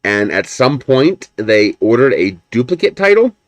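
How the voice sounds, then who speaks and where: A man's voice: mid-range voice, sing-song, unhurried, no room sound. A man hosting a live stream, chatting casually and rambling as he unboxes a printer and answers viewers. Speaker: 3D printing livestream host.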